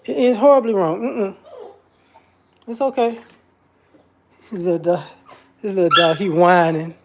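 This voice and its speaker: A man's voice: high-pitched, steady tone, a little slow, slight background noise. A man giving a casual, rambling commentary monologue with frequent restarts and repetitions.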